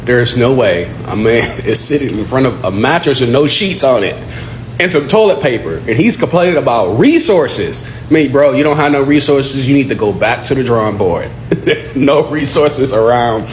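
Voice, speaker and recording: A man's voice: mid-range voice, lively intonation, moderate pace. A man rants in a mocking, exasperated way while reacting to a clip. His voice echoes around a roomy space, with faint noise behind it. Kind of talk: casual reaction rant. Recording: echoey room.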